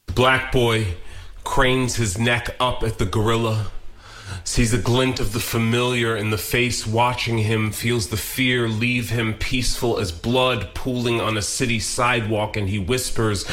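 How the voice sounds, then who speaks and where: A man's voice: on the low side, fairly even intonation, unhurried, a bit bright. A man performing spoken word poetry, his delivery rising into intense, near-sung declamation.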